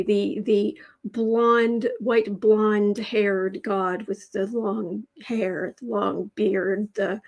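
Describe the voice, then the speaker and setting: Woman, tarot reader, chatty livestream delivery, very slow and drawn-out, with soft half-whispered asides. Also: mid-range voice. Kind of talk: livestreamed tarot reading, casual chat.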